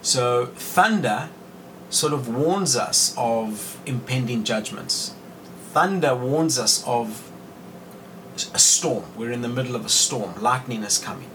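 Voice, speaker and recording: A man hosting a podcast, reading Bible verses aloud and explaining them in a measured way. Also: medium pitch, animated, distant mic, background noise. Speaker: podcast host teaching scripture.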